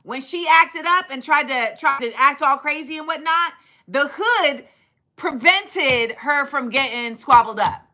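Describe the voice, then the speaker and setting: A middle-aged woman hosting a livestream, telling stories in an animated, dramatic way and acting out quotes. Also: sits high, measured pace. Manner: animated, dramatic retelling with acted-out quotes and laughter. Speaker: livestream host. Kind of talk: casual storytelling to a live chat.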